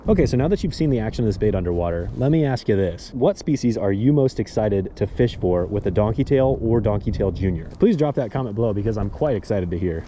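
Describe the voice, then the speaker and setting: A man hosting a fishing vlog, talking in an enthusiastic, excitable way outdoors by a snowy stream. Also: fairly low pitch, quick pace, few pauses, slight background noise. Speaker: fishing channel host.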